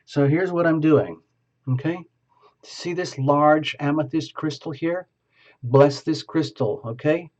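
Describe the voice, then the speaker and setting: A man's voice: a little high, takes it slowly, darkish tone, lo-fi sound. A man as a tarot reader, improvising a live reading and talking a viewer through each step.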